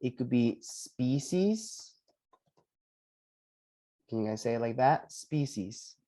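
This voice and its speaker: A man teaching English pronunciation on a video call, patiently repeating each word slowly for his students. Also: mid-range voice, fairly even intonation, warm tone. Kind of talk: online pronunciation lesson.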